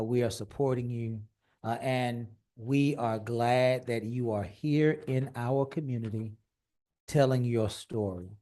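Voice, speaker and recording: A man presiding over a city council session at a podium microphone. He speaks in an average-pitched voice, earnest and measured, and often pauses on "uh" as he gives formal remarks or reads a proclamation into the chamber. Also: dark tone. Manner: measured and earnest, frequent "uh" fillers. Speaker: mayor chairing a city council meeting.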